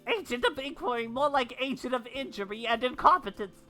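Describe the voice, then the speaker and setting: A woman voicing an angry, pompous male chef in a video game who shouts in indignant bursts. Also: sits high, animated, a little fast, soft background music, voice pushed up. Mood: outraged. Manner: shrieking, indignant.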